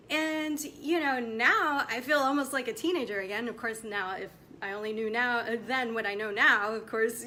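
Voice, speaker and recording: A woman's voice: fairly high pitch, bright, forceful tone, slight background noise. A woman in her forties, a women's coach, talking passionately and emphatically to camera about self-care. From United States. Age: 40s. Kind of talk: direct-to-camera motivational talk.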